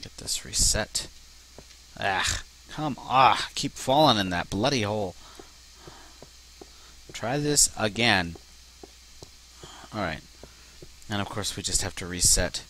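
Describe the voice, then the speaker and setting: A man narrating his gameplay in a bright, lively voice with a lowish pitch, talking slowly and often swearing in frustration. A faint hiss of noise sits behind him. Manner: swears a lot, frustrated outbursts. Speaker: let's play gamer. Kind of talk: casual gameplay commentary.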